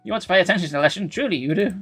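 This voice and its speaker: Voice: mid-range voice, racing, a bit bright, breathy edge. A streamer voicing a formal, lecturing male dog who teaches as a professor in a dating game, read live over faint music. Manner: polite, lecturing.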